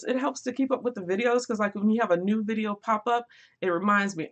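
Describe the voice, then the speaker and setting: A woman's voice: medium pitch, fairly quick. A young woman hosting a book live stream, talking casually to her viewers, laughing often as she reads out their comments. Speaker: booktube live stream host.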